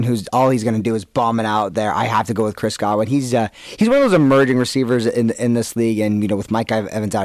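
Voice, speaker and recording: A man co-hosting a casual sports podcast, talking in a plain, steady way. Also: mid-range voice, dry recording. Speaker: podcast co-host.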